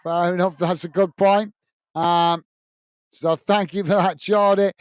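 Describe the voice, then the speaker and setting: A British man hosts a casual livestream, reading out viewer comments and thanking each viewer by name with repeated friendly sign-offs. His voice is fairly high and clear, with lots of ums and uhs. The sound is close and dry, with no room echo. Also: level tone, a little slow. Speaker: livestream host.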